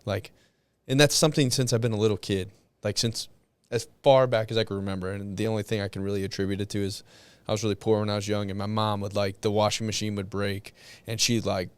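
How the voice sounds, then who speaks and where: A man talks as a podcast guest in a relaxed, reflective way, with plenty of "like" in his speech. His voice sits a little low and sounds smooth and clear. The recording is dry, with almost no room sound. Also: quick pace, dry recording. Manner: relaxed, reflective, heavy use of "like". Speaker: podcast guest, narcotics detective. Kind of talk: casual conversational interview.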